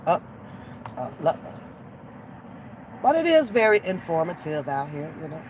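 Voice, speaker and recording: Her voice is deep and sing-song, and she takes her time in an unscripted rant as a reaction-channel host. She's profane, blunt and exasperated, heard over poor audio with faint background noise.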